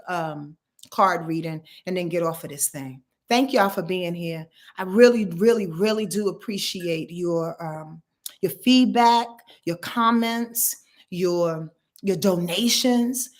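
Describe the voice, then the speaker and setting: A woman astrologer hosting a casual live stream, talking in an animated, emphatic way, often repeating words as she searches for them, and swearing in passing. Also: medium pitch. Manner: frank and salty, swears in passing.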